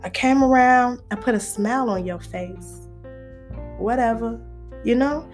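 A woman's voice: on the high side, a little slow, faint music behind. A woman vlogger, talking casually to her viewers, playful and preachy. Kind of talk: casual chat to camera.

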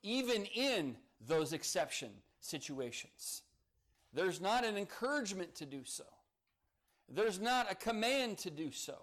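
A man's voice: high voice, big pitch swings, unhurried, fairly bright tone. A man preaching a morning sermon, earnest and emphatic, leaning on key words as he builds each point. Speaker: pastor.

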